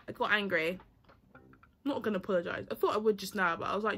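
Seorang perempuan muda beraksen bercerita santai dan bertele-tele, sering lupa arah ceritanya, dengan musik pelan di latar belakang. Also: female voice, medium pitch, lively intonation, fairly quick, sharp tone, breathy edge, faint music behind. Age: young adult. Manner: chatty, rambling, loses track, sings to herself. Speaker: vlogger. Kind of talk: casual storytime chat.

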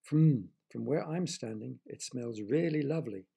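A man voicing a curious, sharp-tongued young girl in a children's story. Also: mid-range voice, expressive, unhurried, vocal fry, breathy edge, heavily acted.

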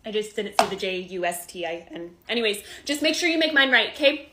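A young woman performing comedy sketches, switching between exaggerated customer characters with animated delivery. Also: mid-range voice, fast, roomy sound, a little hiss or hum. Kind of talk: comedic skit acting.

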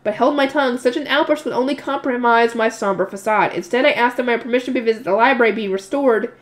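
A woman with a fairly high voice reads a light novel aloud, talking fast. Now and then she breaks off for chatty, casual comments and laughs at herself.

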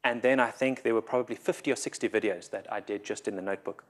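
A man's voice: on the low side, fast. A man giving a conference talk, nervous, often stumbling and repeating his words. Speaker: conference speaker. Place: conference hall.

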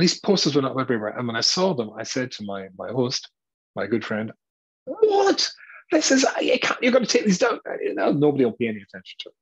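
A man, a rabbi, giving a lecture and telling a self-deprecating anecdote with halting restarts, in a dull lo-fi recording. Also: fairly low pitch, vocal fry, slightly rough.

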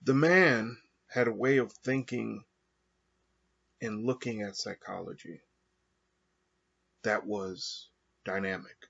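A man talking through his thoughts alone in a slow, halting monologue with frequent pauses and fillers. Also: fairly low pitch, creaky, a bit bright, husky. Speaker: podcast host. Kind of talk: reflective monologue. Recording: dull lo-fi recording.

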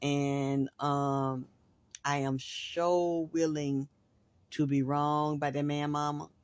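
A woman hosting a spiritual reading, rambling in an excitable monologue and swearing freely in long run-on sentences. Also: sits low, slow pace, no room sound. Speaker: host, spiritual reader.

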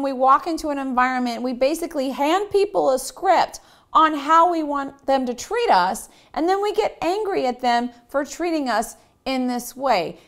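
A woman in her thirties, a wellness coach, giving a candid self-help lesson and telling personal stories with acted-out quotes. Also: sits high. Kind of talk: motivational self-help talk.

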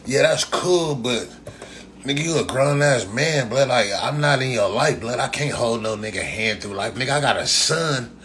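A man's voice: mid-range voice, lively intonation, moderate pace, fairly bright tone, slight background noise. A man ranting bluntly on a casual livestream, lecturing with rhetorical questions and repeating the same slang address constantly. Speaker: livestream host answering chat.

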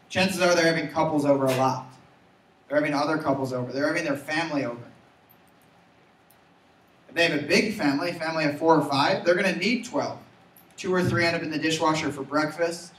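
Man, young adult, sales trainer, energetic, higher voice, roomy far-off sound. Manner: energetic, asks audience to repeat. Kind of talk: motivational sales talk.

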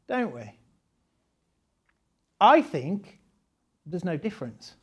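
A man leading a live training session for teachers, talking conversationally with rhetorical questions and frequent laughs. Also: on the high side.

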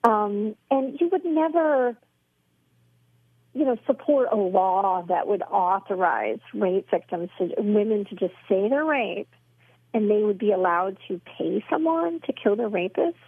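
A woman's voice: medium pitch, expressive, unhurried, creaky, husky, no room sound. A woman guest telling her story in an earnest, fervent way, full of "you know" fillers, heard over a phone line. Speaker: guest, pro-life advocate. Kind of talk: storytelling in a podcast interview. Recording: tinny phone line, dry.

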